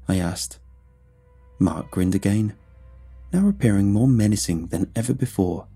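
A man narrating a scripted horror story in a steady, measured way. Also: on the low side, slightly rough, soft background music.

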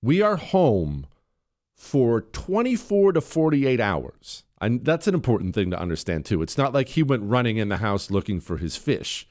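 A man hosting a talk show, telling a story in a punchy, animated way. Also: moderate pace. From United States. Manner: animated, wide swings in pitch, punchy delivery. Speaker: radio talk show host. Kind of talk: casual storytelling monologue.

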